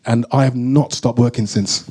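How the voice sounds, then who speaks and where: A man telling a candid, emotional story as a guest at a live on-stage Q&A, full of halting restarts. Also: medium pitch, steady tone, heavy background noise. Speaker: guest actor. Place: stage in front of an audience.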